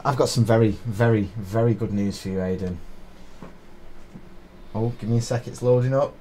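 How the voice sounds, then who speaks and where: A man's voice: fairly low pitch, steady tone, moderate pace, mellow, slight background noise. A man co-hosting a talk stream in a casual, laid-back way, reading out viewer messages. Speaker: co-host.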